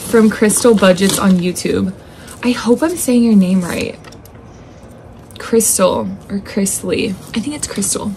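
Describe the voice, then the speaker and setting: A young woman with a Southern US accent, talking in a casual home vlog. She gushes and gets excitable, with lots of fillers. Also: medium pitch, music in the background. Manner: gushing and excitable, fast filler-heavy talk. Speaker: vlogger. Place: home indoors. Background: lawn equipment outside.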